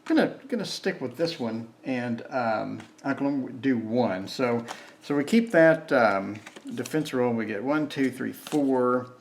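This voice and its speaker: A man's voice: mid-range voice, animated, a little slow, vocal fry, a little hiss or hum. A man playing a board game alone on camera, reading cards aloud, counting and grumbling about bad luck. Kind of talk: solo playthrough commentary.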